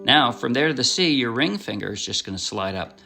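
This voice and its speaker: A man's voice: medium pitch, lively intonation, fairly quick, gravelly, over loud music. A man giving a casual ukulele lesson, talking in a loose, rambling way, often restarting his sentences and apologizing as he explains. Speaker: ukulele instructor. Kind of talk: casual music tutorial. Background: ukulele playing.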